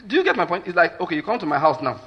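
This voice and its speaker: A man's voice: fairly high pitch, very animated, very fast, husky, lo-fi sound. A man with a Nigerian accent preaching a sermon as a pastor, emphatic and repeatedly checking that listeners follow his point, with Pidgin asides.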